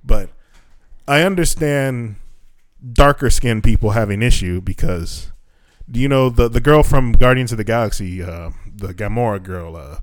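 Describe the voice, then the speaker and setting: A man's voice: medium pitch, normal speed, dry recording. Guy cohosting a podcast, swears a lot, gets worked up telling stories, dry close sound. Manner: profane, animated storytelling. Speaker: podcast co-host. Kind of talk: casual chat. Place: Japan.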